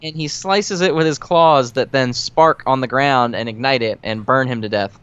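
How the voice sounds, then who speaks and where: A man co-hosting a podcast, casually recapping a movie plot in a fast, profane, sarcastic way. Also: medium pitch, a bit bright, smooth, no room sound. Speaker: podcast co-host. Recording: dry, dull lo-fi sound.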